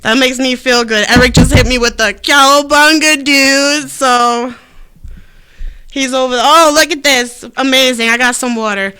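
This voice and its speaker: A woman hosting a casual podcast, high and a little out of breath, telling stories and acting out dialogue. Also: steady tone, normal speed, smooth. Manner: loud laughing storyteller, acts out dialogue. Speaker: podcast host. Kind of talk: casual stoner chat.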